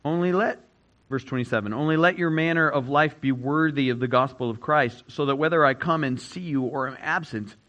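A man preaching a sermon as a pastor, repeating key phrases and swinging between loud emphasis and hushed statements. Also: on the high side, fairly quick, lo-fi sound.

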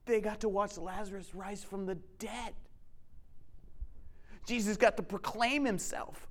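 A male pastor giving an animated sermon, moving between lively storytelling and quiet reflection. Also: high-pitched, unhurried, long pauses.

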